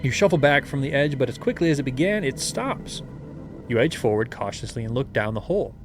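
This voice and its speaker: A man reads a gamebook aloud at an even, steady pace and breaks off now and then for chatty asides. His voice sits in a middle pitch for a man, with faint music playing underneath. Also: fairly quick. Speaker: host and gamebook narrator. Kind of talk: reading a gamebook aloud with chat.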